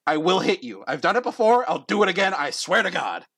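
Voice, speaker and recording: A man voicing an unhinged male contest judge who rants at a high pitch. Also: big pitch swings, a little fast, a bit bright, slightly rough, dry recording, clean studio sound, full character voice. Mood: threatening.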